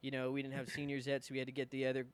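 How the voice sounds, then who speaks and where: A young man co-hosting a casual podcast chat, telling a halting story with many fillers and swearing. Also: mid-range voice, completely flat delivery, clear, resonant tone. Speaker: podcast co-host.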